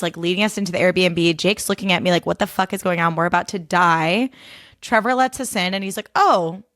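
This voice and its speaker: Young american woman, podcast host, chatty storytelling, acts out voices, dry close sound. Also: dry recording. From United States. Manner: animated, acts out voices with big pitch jumps, heavy use of "like". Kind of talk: casual storytelling monologue.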